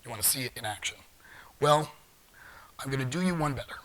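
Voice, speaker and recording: Bright-voiced joking conference speaker. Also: male voice, mid-range voice, animated, brisk, poor audio. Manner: playful, joking with the audience. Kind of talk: live conference talk with audience interaction. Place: large conference hall.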